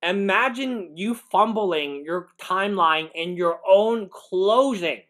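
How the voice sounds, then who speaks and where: A man's voice: high-pitched, slow pace, fairly bright tone. A man, a lawyer, giving live reaction commentary, incredulous and laughing, rambling with restarts.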